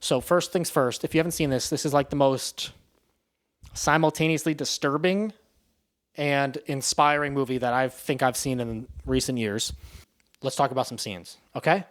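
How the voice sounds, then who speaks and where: Man doing an offhand, foul-mouthed spoken movie review, rambling, mid-pitched. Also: fairly even intonation, normal speed. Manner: rambling, profane, loose and offhand.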